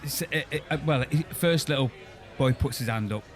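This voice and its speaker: A man's voice: mid-range voice, a little fast. A man co-hosting a podcast, telling jokes in casual chat with a giggly, self-mocking manner. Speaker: podcast co-host.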